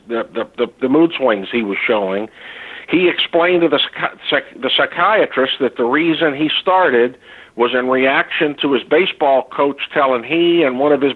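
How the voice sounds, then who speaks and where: An older man, a foundation founder, answering interview questions in an earnest, halting way with many fillers and restarts. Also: medium pitch. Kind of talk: recorded interview, earnest testimony. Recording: tinny phone-like line.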